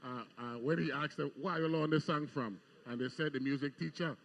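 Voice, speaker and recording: A man's voice: on the high side, fairly quick. A man hosting a live morning talk show, chatty and full of restarts as he keeps things moving. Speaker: host. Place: outdoor deck at a live broadcast.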